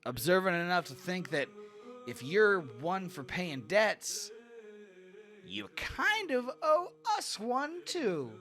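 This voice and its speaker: A man's voice: high-pitched, sing-song, takes it slowly, pushed and bright, faint music behind, pitched above the performer's own voice, heavily acted. A man voicing a small, wiry male gnome who is sly and grasping, wheedling and folksy in manner.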